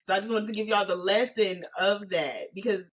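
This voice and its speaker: A woman's voice: medium pitch, steady tone, fairly quick. A woman co-hosting a casual podcast chat, telling a story expressively and laughing often. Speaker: podcast co-host.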